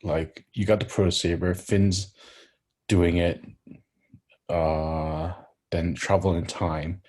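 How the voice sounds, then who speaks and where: Man, very deep voice, husky, murmured late-night tone, laptop mic. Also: fairly even intonation, takes it slowly, a little mellow. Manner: low murmuring late-night voice, lots of fillers. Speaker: co-host. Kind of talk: casual chat. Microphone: laptop microphone.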